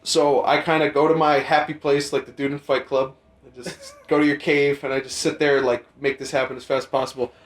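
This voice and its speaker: A young man hosting a podcast, telling a rambling, profane story in casual chat and jumping into animated quoted voices. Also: medium pitch, brisk. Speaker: podcast host. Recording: roomy echo.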